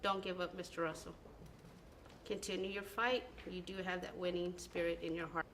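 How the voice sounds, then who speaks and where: A young woman delivers a sincere recorded tribute to a former mentor. She speaks earnestly, pausing on ums and correcting herself. A faint background noise sits under her voice. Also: fairly low pitch, little pitch movement, fairly bright tone. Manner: earnest, halting, with filler ums. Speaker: former band student.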